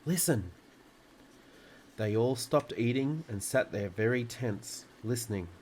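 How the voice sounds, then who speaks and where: A man calmly reading a children's book aloud in a relaxing storytime. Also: mid-range voice, a little slow, poor audio. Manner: calm, relaxing delivery.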